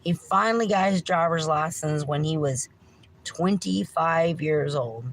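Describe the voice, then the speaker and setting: A woman's voice: deep voice, measured pace, slight background noise, rough recording. A middle-aged woman, hosting a livestream with a meandering rant, swearing freely and apologizing often. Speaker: livestream host.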